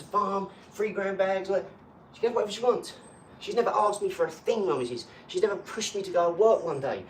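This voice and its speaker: A man talking in a casual live chat, rambling and boastful, breaking into animated rants. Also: sits high. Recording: echoey room, far from mic, faint hum.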